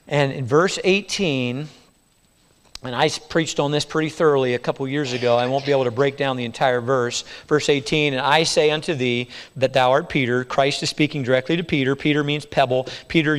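A man preaching a sermon as pastor, swinging between quiet stretches and emphatic bursts. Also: a little high, in a large hall.

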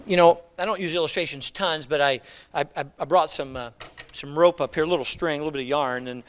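High-pitched pastor guy, middle-aged, chatty animated sermon. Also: fairly quick. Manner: conversational and animated, acting out quoted voices.

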